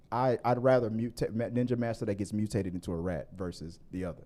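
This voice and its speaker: Rambling man with a mellow voice. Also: moderate pace. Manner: rambling, many restarts and self-corrections; grows animated and higher when arguing. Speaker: podcast host. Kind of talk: casual movie review chat.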